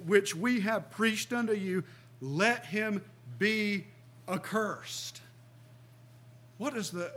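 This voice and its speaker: A middle-aged man preaches with a high-pitched voice. He is earnest and emphatic, reads passages of scripture aloud and stops to ask his listeners questions. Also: a bit bright. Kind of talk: sermon.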